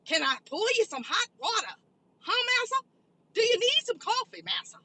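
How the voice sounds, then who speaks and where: A woman mocking a servile elderly woman in a high, simpering, eager-to-please voice. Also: big pitch swings, normal speed, vocal fry, bright, forceful tone, heavily acted.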